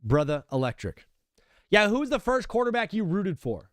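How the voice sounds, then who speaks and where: A man's voice: sits high, very animated, normal speed, dry recording, clean studio sound. A young man hosting a live sports talk stream, talking casually and animatedly, often calling people brother and dude. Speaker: sports talk show host.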